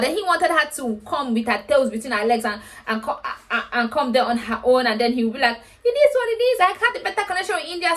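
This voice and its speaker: Animated, chatty woman recapping TV. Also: on the high side. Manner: animated, chatty, acts out quotes in a raised voice. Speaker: reality show recap host. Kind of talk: casual commentary.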